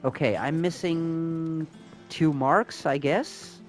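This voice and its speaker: Slow-talking male game streamer. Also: on the high side, faint music behind. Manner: chatty and rambling, reacts to chat, swears freely. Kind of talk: casual live-stream gameplay commentary.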